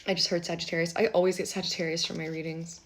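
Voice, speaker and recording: Woman, lower voice, casual tarot reader, rambling and chatty with mumbled asides. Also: flat delivery, very fast. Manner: chatty, rambling, with offhand asides and soft muttering. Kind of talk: casual live tarot reading.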